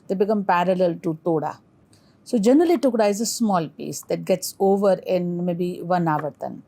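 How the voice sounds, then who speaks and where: A woman's voice: fairly low pitch, normal speed, warm tone. A middle-aged woman with an Indian English accent gives a recorded lecture, explaining terms and reciting rhythm syllables aloud.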